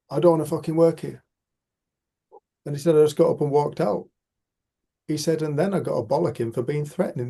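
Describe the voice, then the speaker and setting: A man's voice: medium pitch, gravelly, warm tone, breathy edge. A middle-aged man with a Northern English, Cumbrian accent, leading a casual group discussion over a video call, chatty and teasing, with the odd swear word. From Cumbria, Northern England. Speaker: group facilitator.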